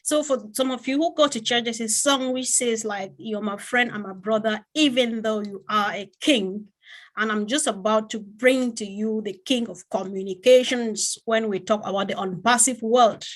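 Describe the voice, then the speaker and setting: Effusive woman hosting, higher voice. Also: moderate pace. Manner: effusive, emotional. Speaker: event host. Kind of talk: hosting an online event.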